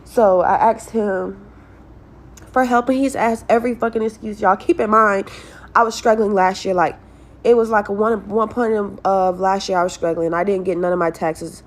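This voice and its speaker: A young woman vlogger speaks to her viewers directly as she vents about her life in a casual story-time video, blunt and stressed and full of swearing. She has a mid-range voice with fairly even intonation and a normal speed.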